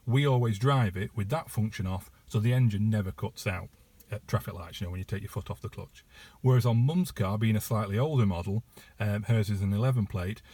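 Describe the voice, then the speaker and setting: A man's voice: fairly low pitch, a little mellow, husky. A British man giving a chatty, informal walkaround of his car, with lots of ums and casual asides. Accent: British English. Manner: chatty, filler-heavy, informal. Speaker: private car seller. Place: inside a parked car.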